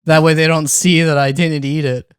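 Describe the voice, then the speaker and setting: A man co-hosting a podcast, talking casually and musing out loud with lots of fillers. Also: on the high side, flat delivery, moderate pace, clear, resonant tone. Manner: dry, musing, full of "like" fillers. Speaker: podcast co-host. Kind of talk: casual chat.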